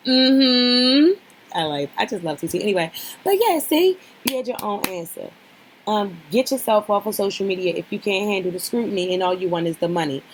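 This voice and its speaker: Woman, vlogger, casual commentary, blunt, repeats for emphasis, medium pitch, faint background hiss. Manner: blunt, opinionated, swears freely; addresses people directly, repeats herself for emphasis. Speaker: reality show recap vlogger.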